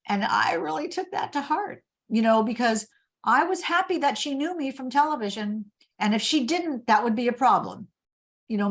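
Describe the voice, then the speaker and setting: Older woman telling lively stories. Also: mid-range voice, gravelly. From Indiana. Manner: animated storyteller, acts out quoted dialogue. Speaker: author guest. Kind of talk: storytelling interview.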